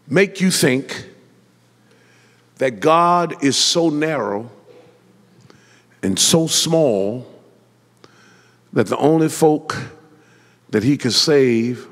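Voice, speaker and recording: A man preaching a sermon as pastor, building up to hollering peaks and calling on the congregation to answer. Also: mid-range voice. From Detroit. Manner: preaching in rising, hollering build-ups with call-and-response. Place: church sanctuary. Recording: reverberant church hall.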